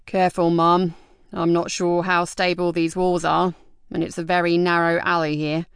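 A woman voicing a gruff, blunt male fire officer. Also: no room sound, studio quality, lightly acted. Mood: gruff warning. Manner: slow, low, steady warnings.

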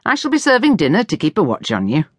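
A stern, ambitious butler speaks in firm, measured tones, as a woman puts him on for an audiobook. The voice is lowered and even. The recording is close and dry. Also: breathy edge, no echo, full character voice. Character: stern ambitious middle-aged male butler.

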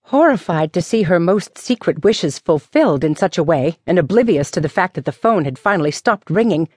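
A woman narrating a mystery novel as an audiobook, with measured, even storytelling. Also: on the low side, slightly rough, no room sound. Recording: dry studio audiobook.

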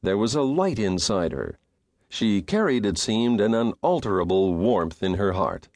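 Expressive male audiobook narrator. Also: fairly low pitch, no echo. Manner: measured, expressive storytelling. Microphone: studio microphone.

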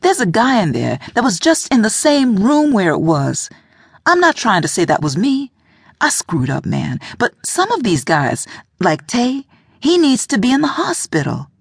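A woman's voice: on the high side, wildly swooping pitch, normal speed, vocal fry, slightly rough, no echo, clean studio sound, voice pushed up, heavily acted. A woman voicing a young man in jail who talks in a fretful, self-deprecating way. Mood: dejected.

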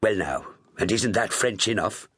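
A man's voice: fairly low pitch, lively intonation, measured pace, fairly bright tone, slightly rough, no echo, full character voice. A man voicing a jovial, rambling Irish sea captain in an audiobook, with an Irish accent and a teasing manner. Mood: amused. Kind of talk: audiobook character voice.

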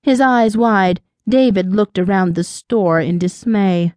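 A woman narrates an audiobook with an even, measured storytelling delivery. Her voice sits in the mid range, and the studio-quality recording has no echo.

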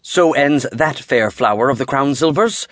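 A man's voice: medium pitch, animated, normal speed, no echo, studio quality, natural voice. A man voicing a weary older wizard who speaks in a grave, matter-of-fact way. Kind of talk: audiobook character voice.

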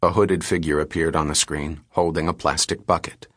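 Deep-voiced male audiobook narrator. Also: dry recording, studio quality. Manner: steady, measured storytelling.

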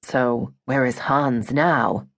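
A woman's voice: a bass voice, steady tone, takes it slowly, exaggerated voice. A woman voicing a blunt, skeptical woman who teases her friend, in an audiobook. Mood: wry. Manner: dry, teasing, skeptical.

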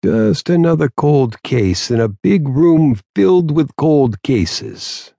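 A man voicing a raspy aging mob boss who speaks slowly, patiently and with quiet confidence. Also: mid-range voice, lively intonation, no room sound, voice pushed up, full character voice. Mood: brooding. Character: aging mob don, raspy, calm and menacing. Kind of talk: audiobook character voice.

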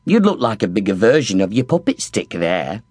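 A man voicing a big, blunt, quick-tempered woman who runs the castle kitchen, in an audiobook. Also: extremely low pitch, big pitch swings, a little mellow, husky, no echo, exaggerated voice. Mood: gruff. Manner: blunt, threatening.

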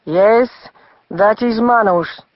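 A woman voicing a gentle old male innkeeper in an audiobook, speaking gravely and urgently. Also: on the high side, takes it slowly, no echo, highs cut off, pitched above the performer's own voice. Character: old male Greek village taverna owner, gentle.

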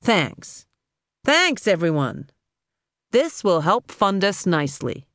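Woman doing a soft-spoken masked robber man. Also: on the low side, sing-song, no echo, studio quality, exaggerated voice. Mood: calm, polite menace. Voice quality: soft, unhurried, almost soothing. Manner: mockingly polite.

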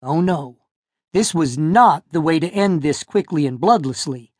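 A man reads a novel aloud in scripted narration, his voice moving lively up and down as he tells the story. The sound is dry and close, like a studio booth. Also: fairly high pitch, a little slow, no echo. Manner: expressive storytelling. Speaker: audiobook narrator. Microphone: close studio mic.

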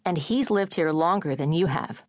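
A sleepy teenage girl, quick to defend herself, her voice lifted high and protesting, as a female narrator plays her. Dry, close audiobook sound. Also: animated, darkish tone, dry recording.

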